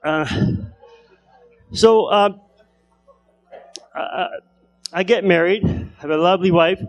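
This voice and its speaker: A man doing stand-up comedy who stutters, telling stories with repeated word starts and long pauses. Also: high-pitched, faint music behind, rough recording. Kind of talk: stand-up storytelling.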